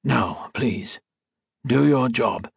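A man voicing a calm, coolly insistent doctor who experiments on people, in an audiobook. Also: mid-range voice, very slow, gravelly, slightly rough, dry recording, studio quality, full character voice. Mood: coaxing. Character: cold, coaxing male doctor experimenting on people.

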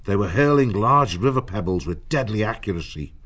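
A man reading an audiobook in a measured storytelling manner. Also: lowish voice, animated, a bit bright, muffled recording. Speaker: narrator. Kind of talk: audiobook narration.

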